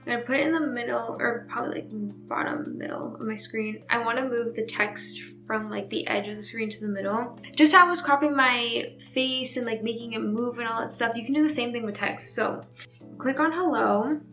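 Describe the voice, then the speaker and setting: A woman's voice: a little high, brisk, sharp tone, soft background music. Young woman tutor, chatty and upbeat, talks through edits casually; echoey room sound. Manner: chatty, upbeat, uses "like" often. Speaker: video editing tutor. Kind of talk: casual screen-recorded tutorial.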